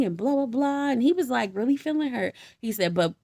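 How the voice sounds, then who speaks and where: A young woman telling a story in casual slang, animated, laughing often and acting out the quotes. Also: high voice, brisk, few pauses, dry recording, clean studio sound. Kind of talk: casual comedic Bible retelling.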